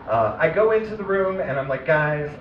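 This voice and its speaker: A young man telling a rambling, animated stand-up story at a comedy show. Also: high-pitched, fairly quick, muffled recording, a little hiss or hum. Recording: roomy live venue, distant mic, crowd.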